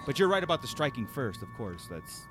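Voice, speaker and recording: A man's voice: mid-range voice, sing-song, a little fast. A man chatting with friends while a movie plays, agreeable and chuckling. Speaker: movie watch-along co-host. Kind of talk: casual chat over a movie. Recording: music playing behind.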